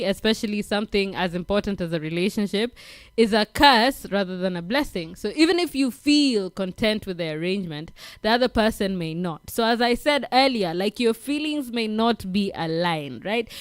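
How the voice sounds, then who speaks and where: A woman's voice: medium pitch, no room sound. A woman with an African accent hosting a late-night radio talk show, giving relationship advice in a chatty way, laughing often and asking "right?". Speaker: radio host. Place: radio studio.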